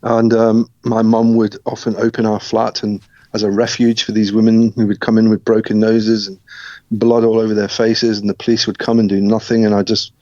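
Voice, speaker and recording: Low flat-voiced guy telling his own story in an interview, dull lo-fi sound, dry. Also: normal speed, dry recording. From Scotland, raised partly in South Africa and England. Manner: reflective storytelling with soft laughs and restarts. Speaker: interview guest. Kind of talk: personal testimony in an interview.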